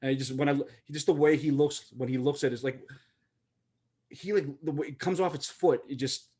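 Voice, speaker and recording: A man's voice: a little high, fairly even intonation, brisk, mellow, breathy edge. A man co-hosting a casual sports podcast, joking and talking in rambling runs with many stammering restarts. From Pittsburgh area. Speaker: podcast co-host.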